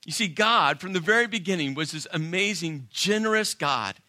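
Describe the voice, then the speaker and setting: A male pastor delivers a sermon with emphatic, animated preaching and dramatic pauses. His voice has a very bright, forceful edge. The sound is dry and close. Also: high voice, dry recording.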